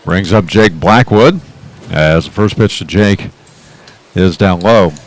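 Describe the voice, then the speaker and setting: A man doing play-by-play radio commentary for a baseball game, chatting and reading trivia between pitches. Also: slow pace, low-quality recording. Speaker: play-by-play announcer.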